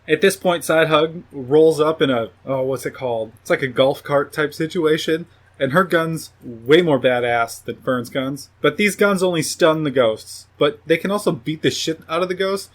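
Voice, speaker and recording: A man recapping a film plot for his review podcast, casual and profane, now and then mimicking characters in a higher voice. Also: moderate pace.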